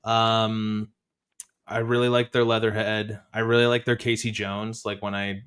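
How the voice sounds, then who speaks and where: A man's voice: lowish voice, level tone, a little slow, a bit bright, clear, resonant tone. A man talking casually and eagerly about collectible toys as a guest. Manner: chatty, enthusiastic about toys. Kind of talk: casual chat.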